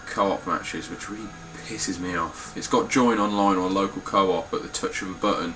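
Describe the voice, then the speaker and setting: A man's voice: sits low, steady tone, normal speed, music in the background, low-quality recording. A young man talking casually through his game collection, blunt and swearing freely. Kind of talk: casual spoken collection walkthrough.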